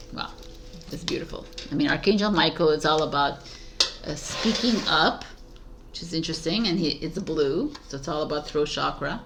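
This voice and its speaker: A woman's voice: low-pitched, normal speed, creaky, a bit bright, slight background noise. A woman giving a casual tarot reading, eager and emphatic, repeating words for stress and swearing offhandedly. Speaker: tarot reader.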